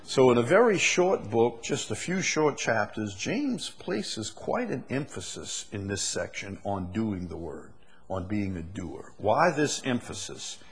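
A man preaching an expository sermon, moving from measured explanation to loud, emphatic passages. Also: lowish voice, big pitch swings, slightly rough.

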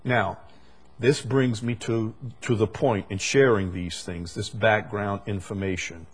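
A man preaching a sermon, emphatic, rising to loud peaks and dropping to quiet asides. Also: on the low side, steady tone, measured pace, slightly rough.

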